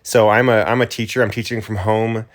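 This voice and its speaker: A man's voice: lowish voice, level tone, a little fast. A man in his thirties from New Mexico, co-hosting a casual podcast from his living room couch, rambling and correcting himself as he talks. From New Mexico, USA. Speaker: podcast co-host, teacher. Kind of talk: casual chat.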